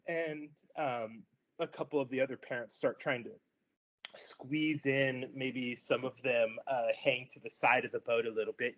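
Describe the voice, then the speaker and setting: Male game master, mid pitch, halting narration full of fillers, dull lo-fi recording. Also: steady tone.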